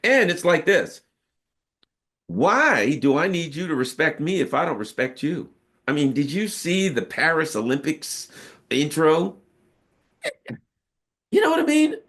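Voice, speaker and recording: A man talking as a guest commentator in a political interview, sarcastic and lively, often acting out what others might say. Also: on the high side, a little slow. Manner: sarcastic, acts out quoted voices. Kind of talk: animated political talk.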